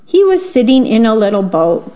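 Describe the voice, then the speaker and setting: A woman's voice: fairly high pitch, moderate pace. Woman reading a bedtime story on radio. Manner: gentle, steady storytelling. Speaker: volunteer radio reader. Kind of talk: bedtime story read-aloud. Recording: dull lo-fi radio broadcast.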